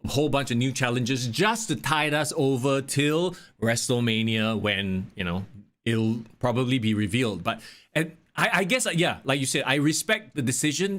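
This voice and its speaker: A man hosting a casual wrestling podcast, talking in an animated way with swearing and sudden exclamations. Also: mid-range voice. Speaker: podcast host.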